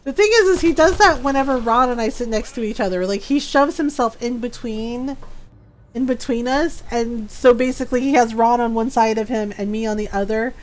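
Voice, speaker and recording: A woman hosting a gaming livestream, chatting casually and telling a story in an animated way with frequent laughs. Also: a little high, brisk. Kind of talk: casual chat.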